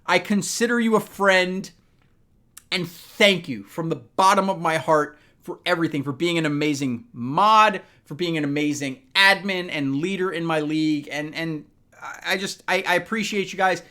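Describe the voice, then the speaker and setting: A man hosting a relaxed live stream from his home setup. He rambles and starts over, addressing his chat directly. He is a little loose from sipping bourbon. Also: on the high side, moderate pace. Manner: rambling, talks to chat by name, tipsy from bourbon.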